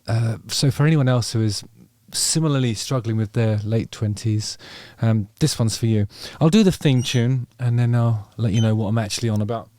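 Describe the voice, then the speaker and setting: A man's voice: mid-range voice, normal speed, few pauses, dark tone, dry recording. Wry rambling man. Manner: rambling and wry, lots of ums, swears casually. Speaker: channel host. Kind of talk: casual reaction commentary.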